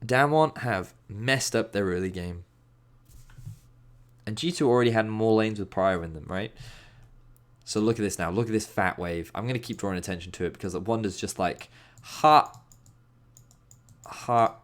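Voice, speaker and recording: A man giving an animated, emphatic game review commentary as an esports analyst, with playful asides. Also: fairly low pitch, moderate pace.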